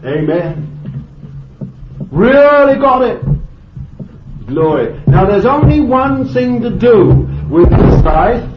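A man's voice: very high voice, big pitch swings, takes it slowly, pauses often. A man preaching a sermon with fervent exclamations of praise and bursts of laughter. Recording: echoey, dull, lo-fi recording with faint noise.

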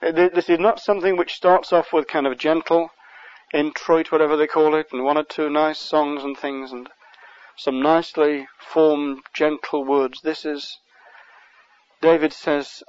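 English male preacher, high-pitched, passionate surges, muffled sermon tape. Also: fairly even intonation, a little slow. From England. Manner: impassioned, surges louder on key words.

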